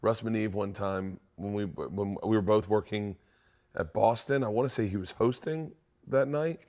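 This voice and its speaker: A man co-hosting a podcast, telling a casual anecdote in a relaxed way and swearing now and then. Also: lowish voice, moderate pace. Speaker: podcast co-host. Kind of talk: casual chat.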